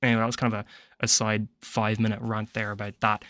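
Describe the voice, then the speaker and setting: A man's voice: fairly low pitch, fairly even intonation, fast, a bit bright, no room sound. An Irish man giving a casual spoken film review, rambling and opinionated, with frequent restarts.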